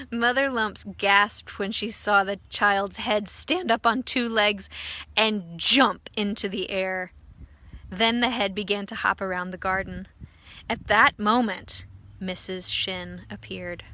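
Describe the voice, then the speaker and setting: A woman pastor reading a storybook aloud to children, with gentle asides to a child. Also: medium pitch, fairly even intonation, slow.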